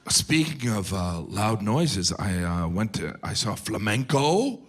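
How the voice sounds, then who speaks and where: A middle-aged American man doing a stand-up set, deadpan, slipping into silly voices for the people he quotes. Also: on the low side, slow, breathy edge. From United States. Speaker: stand-up comedian. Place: live comedy venue with audience.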